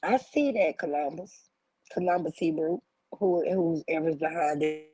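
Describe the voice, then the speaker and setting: Woman on a livestream going off, blunt and cussing, dry close sound, raspy. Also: sits low, normal speed, mellow, no echo. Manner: blunt and profane, preachy. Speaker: livestream host. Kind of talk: heated livestream rant.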